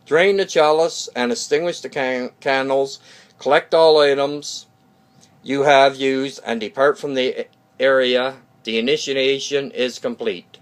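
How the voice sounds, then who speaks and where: A man slowly reading out ritual instructions and chanted invocations, halting and restarting over words. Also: mid-range voice, fairly even intonation, clear, resonant tone. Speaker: solo video creator reading a ritual.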